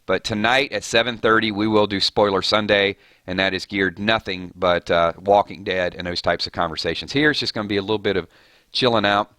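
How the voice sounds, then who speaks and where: A chatty male streamer with a lowish, forceful voice, a touch hoarse after a loud weekend. He talks loosely and relaxed over gameplay, greeting viewers one by one. The sound is dry and close to the mic. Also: brisk, no room sound. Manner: relaxed, chatty, reads out viewer shout-outs. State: slightly hoarse. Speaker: gaming streamer host. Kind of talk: casual live-stream chat over gameplay.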